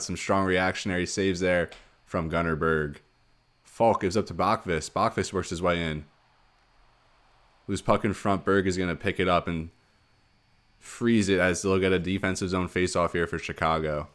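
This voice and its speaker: A man giving play-by-play commentary on a hockey video game, calling each play quickly and rising sharply on goals. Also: low-pitched. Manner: rapid play-by-play, excited surges on goals. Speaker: gaming commentator.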